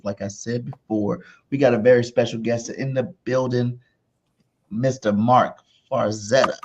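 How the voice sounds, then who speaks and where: A man hosting a sports talk podcast, excitable and hyping up the show. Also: medium pitch, moderate pace, husky. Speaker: podcast host. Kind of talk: casual sports chat.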